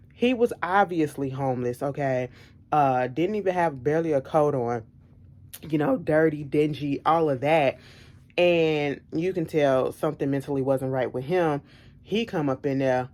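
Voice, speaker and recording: A woman chatting to her viewers in a casual storytelling vlog, low-ish voice. She is animated and emphatic, driving her points home by repeating them. Her delivery is blunt and unfiltered. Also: normal speed. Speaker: vlogger.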